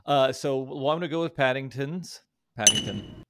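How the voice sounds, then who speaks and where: A man's voice: medium pitch, fairly even intonation, fairly quick. A man with a mid-range voice hosts a casual podcast. He is easygoing and laughs often as he hands the turns around. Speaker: podcast host. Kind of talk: casual chat.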